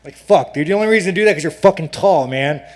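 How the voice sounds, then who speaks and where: Guy going off at a media scrum, swearing nonstop, kinda high voice, mumbles then yells. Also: lively intonation, quick pace. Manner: loud, profane, swings between mumbling and shouting. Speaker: fighter at media day. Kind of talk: profane rant at press scrum.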